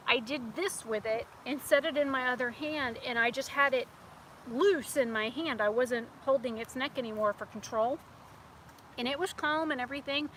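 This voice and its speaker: A woman telling a story in a casual vlog, her voice high and bright. She talks in a chatty, animated way, laughing as she goes. A faint hum of outdoor noise sits behind her. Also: normal speed. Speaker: beauty vlogger. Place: outdoors near a house.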